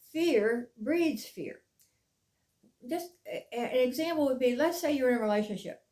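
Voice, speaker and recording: A middle-aged woman giving an earnest motivational talk as a mindfulness coach, stressing key phrases slowly. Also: fairly high pitch, a little mellow. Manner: earnest, emphatic, with slow deliberate stresses.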